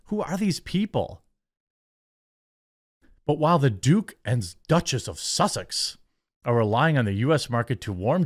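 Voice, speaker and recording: An American man hosting a commentary show, ranting in a sarcastic, dismissive and rambling way. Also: mid-range voice. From United States. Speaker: host. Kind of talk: commentary rant.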